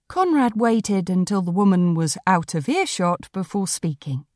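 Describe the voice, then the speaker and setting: Woman narrator, scripted audiobook reading, unhurried, lively pitch, dry studio sound. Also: dry recording. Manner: measured, storytelling.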